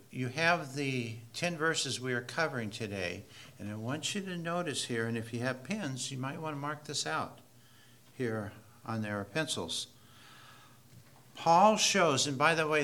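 A man teaching a Bible study class, slow and deliberate, repeating key phrases with building emphasis. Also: mid-range voice, bright, forceful tone.

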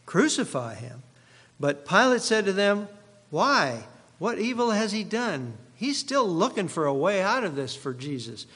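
A man's voice: high-pitched, sing-song, a little slow, a bit bright, in a large hall. A male pastor preaching an expository sermon, driving points home by repeating key phrases.

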